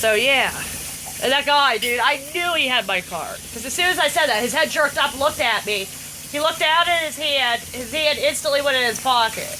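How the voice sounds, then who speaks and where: A woman's voice: sits high, animated, normal speed, bright, forceful tone, slight background noise, low-quality recording. A middle-aged woman telling a story in casual chat, acting out other people's lines. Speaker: family vlogger. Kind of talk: casual storytelling while playing a phone game.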